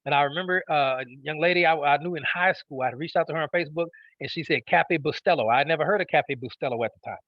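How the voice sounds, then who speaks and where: A man's voice: fairly high pitch, fast, few pauses, no room sound, dull audio. A man teaching a sales training class, emphatic and repetitive, often checking in with his listeners. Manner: emphatic, repeats key phrases, checks in with "okay?". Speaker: network marketing trainer. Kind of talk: instructional talk.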